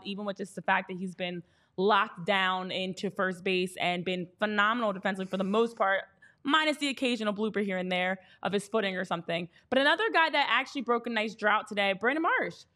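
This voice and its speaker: Bright-voiced woman reeling off stats. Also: mid-range voice. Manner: rattles off stats, brisk and chatty. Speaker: sports show host. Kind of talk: casual sports chat.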